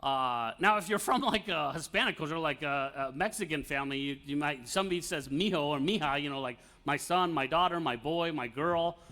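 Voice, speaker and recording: A man's voice: a little high, brisk, few pauses, pushed and bright. A man teaching an informal Bible study, talking conversationally with fillers and light laughs.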